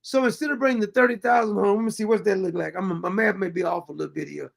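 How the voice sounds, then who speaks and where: Mocking high-voiced man with a gravelly edge. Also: steady tone, fast. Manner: mocking, exasperated, sarcastic; reads viewer comments aloud. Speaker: commentary show host. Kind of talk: reaction commentary on clips.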